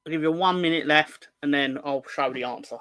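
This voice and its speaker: A man's voice: fairly high pitch, brisk, bright, forceful tone, no echo. A man hosting a football fan livestream in casual chat, rambling and joking, often correcting himself mid-sentence. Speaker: host of a football fan show.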